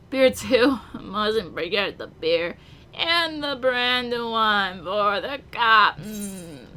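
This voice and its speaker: A woman's voice: sits high, bright, forceful tone, voice pushed up, full character voice. A woman voicing a grumbling drunk male sailor in a slurred drunk accent.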